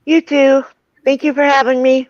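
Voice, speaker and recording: A woman's voice: high-pitched, flat delivery, normal speed, darkish tone, no echo, lo-fi sound. A woman guest on a livestream, easygoing and giving brief replies. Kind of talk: casual chat.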